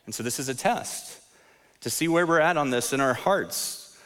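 A man's voice: mid-range voice, lively intonation, normal speed, fairly bright tone, clean tone. A man in his thirties preaching a sermon as a pastor, conversational and self-deprecating, often repeating words as he restarts. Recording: long reverb of a large hall.

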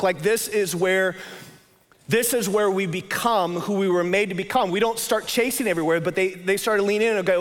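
A man's voice: high-pitched, moderate pace, in a large hall. A man preaching a sermon in a casual, conversational way, often tossing in "man" as he talks. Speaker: pastor.

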